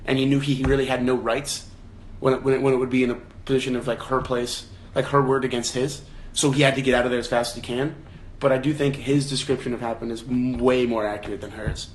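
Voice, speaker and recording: A young man whose first language is English hosts a casual livestream book chat, speaking fast in a mid-range voice with little pitch movement. He leads the discussion by thinking out loud, often restarting sentences and putting questions to his viewers.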